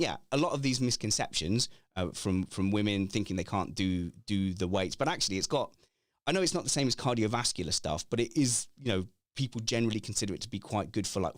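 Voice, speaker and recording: A middle-aged man with a lowish voice chats casually from home. He rambles, jokes and restarts his sentences. The sound is close and dry. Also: no room sound. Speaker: podcast host. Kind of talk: casual chat. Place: home, remote call.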